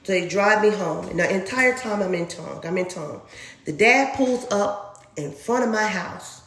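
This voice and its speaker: A woman from Dallas, telling a personal faith testimony in a lively way, acting out sounds and laughing often. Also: mid-range voice. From Dallas, Texas. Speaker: storyteller sharing a faith testimony. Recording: roomy echo.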